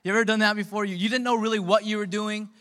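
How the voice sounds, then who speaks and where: A man's voice: high-pitched, little pitch movement, fast talker, fairly bright tone. Joking, chatty pastor, man in his thirties. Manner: chatty, joking asides to the congregation. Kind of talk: conversational sermon.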